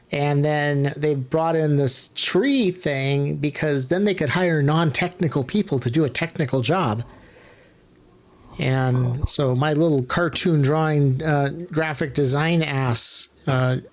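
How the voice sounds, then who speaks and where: A live stream host tells loose, profane stories about past work, often restarting a sentence. The voice sits at a middling pitch, and the delivery stays casual and conversational. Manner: profane, rambling anecdotes with restarts. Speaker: livestream host; former tech support worker.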